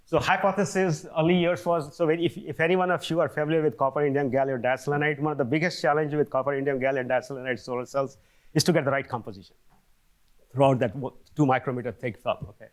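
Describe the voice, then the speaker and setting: A man's voice: medium pitch, fairly even intonation, fast. Older male lecturer, chatty academic delivery, checks in with the room often. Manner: conversational, frequent "okay?" check-ins with restarts. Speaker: seminar speaker. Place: lecture hall.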